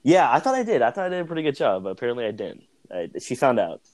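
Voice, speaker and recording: A man's voice: medium pitch, very animated, rapid-fire. A young man casually telling a work story on a podcast, rambling, with fillers and self-amused asides. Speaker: podcast co-host.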